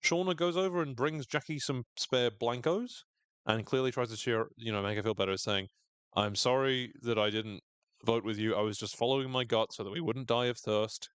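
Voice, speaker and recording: A man's voice: medium pitch, normal speed, clear, resonant tone, dry recording. Chatty man recapping with a dry close mic. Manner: animated, jokey, acts out quotes in silly voices. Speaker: podcast co-host. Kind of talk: casual recap chat.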